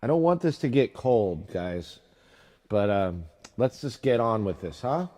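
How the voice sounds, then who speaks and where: With a fairly low, dark voice, lively intonation, and a measured pace, a man chats casually on stream while making music in his home studio. He rambles, teases himself, and repeats tongue twisters.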